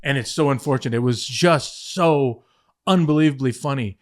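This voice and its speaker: A man's voice: mid-range voice, normal speed. A man chatting casually on a podcast, telling backstage stories with lots of swearing and acted-out quotes. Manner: animated, profane, acts out quotes mid-story. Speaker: former head writer of a wrestling show, podcast guest. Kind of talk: casual storytelling chat.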